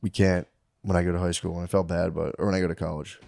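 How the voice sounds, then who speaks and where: A man with a lowish voice, recorded dry and close with no room sound, reminiscing loosely about his youth. His talk wanders, padded with "like" and restarts, in a casual podcast chat. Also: little pitch movement, fast, vocal fry, darkish tone, no echo. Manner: rambling, filler-heavy reminiscing. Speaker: podcast co-host or guest.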